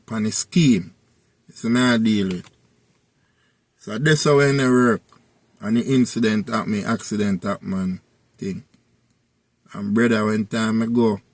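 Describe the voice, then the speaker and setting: A man's voice: on the low side, no echo. A man with a Jamaican accent telling a personal story in a casual, rambling way and coming back again and again to the same tag phrases. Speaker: vlogger.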